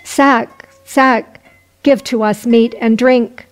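A woman's voice: a little high, steady tone. A woman reading the lines of a poor, simple, hot-tempered peasant man in old-fashioned formal speech. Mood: hopeful. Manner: measured, archaic formal speech. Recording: faint music underneath.

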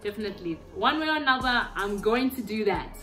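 A young South African woman talks casually to her camera from her bedroom at home. She is chatty and playful, her voice in an even middle register, with soft music playing faintly underneath. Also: mid-range voice, a little fast. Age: 20s. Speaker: YouTuber.

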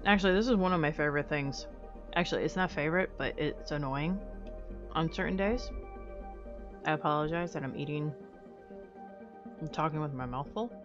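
A woman's voice: sits low, moderate pace, long pauses. An American woman live-streaming, chatting casually with her viewers in a candid, profane, self-mocking way. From United States. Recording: dull lo-fi stream audio. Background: faint music.

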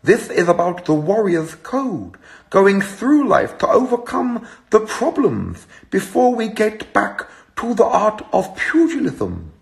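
A man's voice: high voice, sing-song, slow, creaky, pitched above the performer's own voice, heavily acted. A man doing a comic impression of a pompous male boxing veteran who speaks in a stilted, formal way with an affected posh English accent and no contractions. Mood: grandiose.

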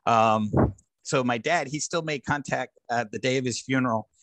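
A man's voice: medium pitch, normal speed, a bit bright, dry recording. A man, a podcast guest, earnestly recounting his personal paranormal experiences as a storyteller who acts out family dialogue. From United States. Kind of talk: telling personal paranormal stories.

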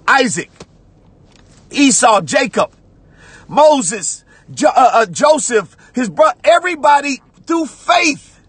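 Preacher guy going "watch this", kinda husky, pretty high voice, loud bursts. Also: dry recording. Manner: preaching with repetitions, rising to shouts; conversational church talk, "watch this". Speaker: pastor. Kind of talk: sermon.

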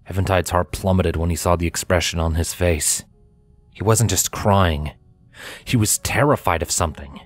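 A man reading a fanfiction story aloud in an expressive storytelling manner. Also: low voice. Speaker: fanfiction reader. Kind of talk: audiobook narration.

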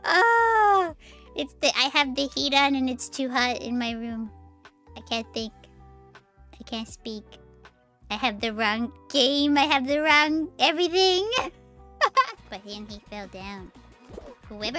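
A woman's voice: sits high, animated, takes it slowly, long pauses, pushed and bright, faint music behind. A woman streaming games, giving playful running commentary and laughing often. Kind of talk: live-streamed gameplay commentary.

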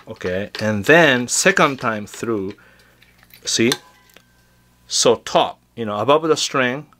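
A man's voice: medium pitch, a bit bright. A man teaching guitar tricks in a casual, unedited way, chatty and full of fillers and restarts.

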